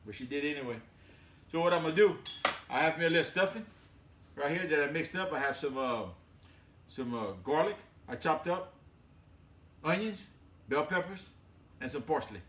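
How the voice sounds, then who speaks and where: A man's voice: fairly high pitch, normal speed, pauses often, a bit bright, roomy sound. A man hosting a casual home cooking demonstration, talking in a folksy, rambling way with many fillers. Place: home kitchen.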